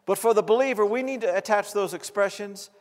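A man's voice: sits high, a little fast. A man preaching in a conversational style, telling a story with animation and acting out the laughter and voices in it. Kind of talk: conversational sermon teaching. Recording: long hall reverb.

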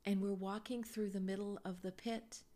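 A middle-aged woman, a psychic reader, telling a personal story slowly with breathy, animated asides in a podcast Q&A. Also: mid-range voice.

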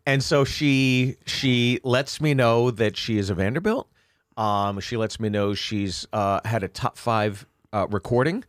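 A man's voice: medium pitch, unhurried, no room sound, studio quality. A man co-hosting a podcast, telling a long funny anecdote in casual chat and acting out the people in it. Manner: animated anecdote-telling with voiced quotes. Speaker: podcast co-host.

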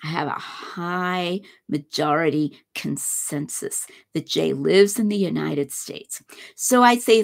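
A woman's voice: low-pitched, takes it slowly, creaky. A woman giving a conversational philosophy lecture, walking through a hypothetical example step by step.

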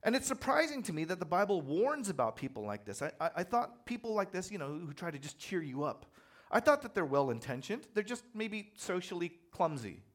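Animated man preaching a casual sermon. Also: high-pitched, brisk. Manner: conversational, animated storytelling with self-deprecating humor. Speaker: pastor.

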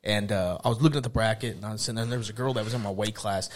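A man's voice: lowish voice, fairly even intonation, rapid-fire. A man from Oklahoma telling rambling, profane stories in a casual chat and laughing through them.

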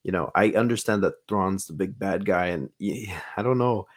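A man's voice: low-pitched, normal speed. A man co-hosting a podcast in casual chat, earnest and hesitant, stumbling over his words. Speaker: podcast co-host.

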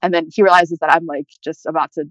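A woman's voice: low-pitched, steady tone, fast talker, a bit bright, no room sound. A young adult woman, an interview guest, telling a personal story in a chatty way full of fillers. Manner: chatty, many fillers like "like" and "you know". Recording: dull, dry lo-fi audio.

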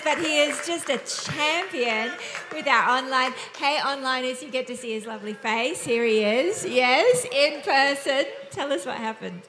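A woman's voice: high-pitched, animated, measured pace, fairly bright tone, poor audio. A woman hosting a church service, effusive and full of praise as she calls people up to share testimonies. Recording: faint crowd and background noise.

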